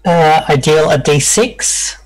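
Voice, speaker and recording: A man's voice: on the high side, slow, low-quality recording. A man playing in a tabletop game, explaining his moves and rules in a matter-of-fact way. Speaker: player.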